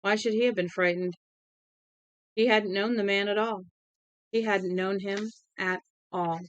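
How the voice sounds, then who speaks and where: A woman narrating an audiobook in a steady, even way, with small self-corrections. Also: mid-range voice, unhurried, lo-fi sound. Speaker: audiobook reader.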